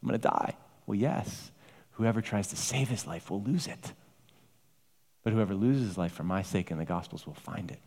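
A man's voice: lowish voice, normal speed, a little mellow. A man preaching a sermon with emphatic, varied delivery, rising to exclamations. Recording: long hall reverb.

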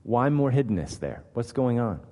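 A man's voice: mid-range voice, very animated, normal speed, mellow. A man preaching a sermon as pastor, emphatic and posing rhetorical questions to his listeners. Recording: long hall reverb.

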